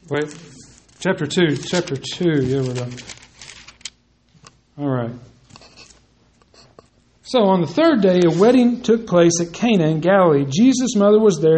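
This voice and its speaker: A man's voice: fairly high pitch, darkish tone, a little hiss or hum, poor audio. A male preacher giving a conversational sermon, reading scripture and addressing the men directly, acting out quotes as he goes.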